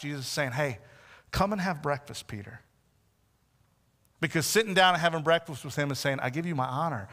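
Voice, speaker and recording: A man delivers a sermon in a fairly high voice, taking on the voices he quotes as he retells the story. He often sinks into soft, hushed tones. His voice trails into a long reverb. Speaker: preacher.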